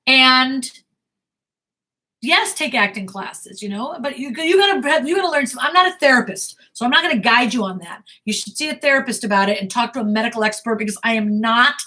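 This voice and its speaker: A woman's voice: a little high, animated, a little fast, pushed and bright. A middle-aged woman acting coach answering viewer questions in a blunt, emphatic way, often repeating herself.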